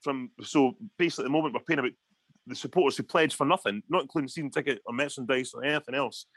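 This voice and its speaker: A man's voice: mid-range voice, very fast, a bit bright, no echo. A Scottish man ranting heatedly in a casual podcast chat, swearing often. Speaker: podcast co-host.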